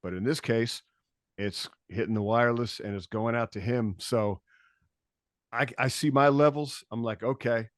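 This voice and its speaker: A man telling a story as a podcast guest in casual chat, animated, acting out quotes and swearing freely. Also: medium pitch, normal speed, no echo, studio quality. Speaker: podcast guest, bass tech.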